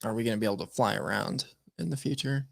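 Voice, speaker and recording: A man's voice: on the low side, quick pace, creaky, no room sound, clean studio sound. A man co-hosting a podcast, trading sarcastic jokes in casual chat. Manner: sarcastic, joking banter. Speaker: podcast co-host.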